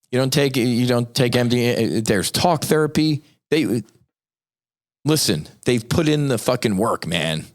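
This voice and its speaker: A man with a somewhat low voice, speaking as a podcast guest and nonprofit founder. He rants in a profane, rambling way and slips sarcastic asides into his argument. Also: vocal fry. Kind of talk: impassioned podcast rant.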